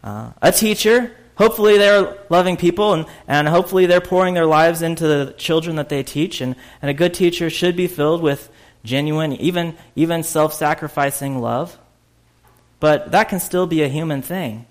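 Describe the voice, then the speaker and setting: Slightly high-voiced man preaching. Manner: conversational preaching with fillers, laughs and sudden loud bursts. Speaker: pastor. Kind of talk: sermon.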